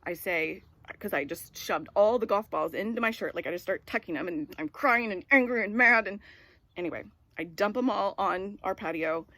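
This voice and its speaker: A woman's voice: fairly low pitch, normal speed, no echo. A woman in her forties giving a casual devotional talk. She tells a personal story in a rambling way with many filler words. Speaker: devotional speaker.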